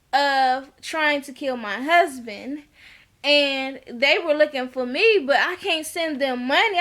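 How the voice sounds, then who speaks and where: A high, bright-voiced woman talking through a reality show episode in a relaxed, unhurried way. She is blunt and chatty, swears freely and slips into the voices of the people she quotes. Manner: chatty, acts out quoted dialogue, laughs often. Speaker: TV recap vlogger. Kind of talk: casual reality-show recap.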